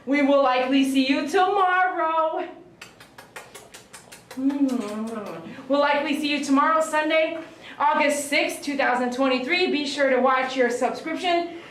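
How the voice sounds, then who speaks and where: A woman's voice: sits high, a little slow, a bit bright. A woman grooming a dog on a live stream, cooing and praising it in baby talk, recorded in a grooming salon. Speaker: dog groomer and channel host. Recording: echoey room, mic some distance away.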